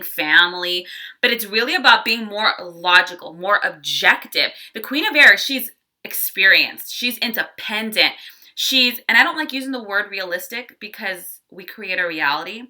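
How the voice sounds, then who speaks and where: A young woman talks through a tarot forecast in a casual, chatty way. Her voice is very bright and clear at a middle pitch. She gets animated and often acts out the lines of the people she describes. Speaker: tarot reader.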